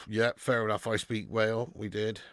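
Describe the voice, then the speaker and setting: A man's voice: lowish voice, a bit bright, no room sound, studio quality. A man hosting a live football watch-along stream, reading out donations and bantering with viewers in a chatty manner with frequent laughs.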